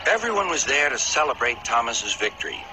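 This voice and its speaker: A man narrating a children's storybook in a lively, expressive reading style. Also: medium pitch, fairly quick, heavy background noise. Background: music.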